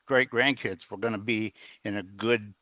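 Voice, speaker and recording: Brief: middle-aged male coach on a podcast, lowish voice with a sharp, forceful edge, earnest and meandering, lots of "uh" and "you know". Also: steady tone, moderate pace, dry recording. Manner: rambling, with many fillers and restarts; earnest, plain-spoken. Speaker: guest, executive coach. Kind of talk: conversational storytelling in an interview.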